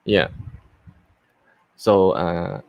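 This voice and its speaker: A man who does voice work talks slowly through his methods, halting often with fillers and restarts. His voice sits a little low, and the sound is dry and close. He keeps it casual, as in a live chat. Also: fairly even intonation, vocal fry, no echo, dull audio. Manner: unhurried, with many fillers and restarts. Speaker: voice actor. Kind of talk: casual live talk and voice demo.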